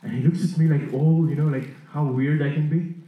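High-voiced man preaching in an echoey hall. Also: a little fast, far from the mic, muffled recording. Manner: animated, lively storytelling with frequent restarts and repeated words. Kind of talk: sermon storytelling to a congregation.

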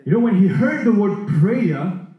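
A man with a high voice preaching, his words ringing through a big echoey hall. He tells the story with animated energy, often restarting and repeating words. He sounds set back from the microphone. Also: unhurried, far from the mic, highs cut off. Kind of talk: sermon storytelling to a congregation.

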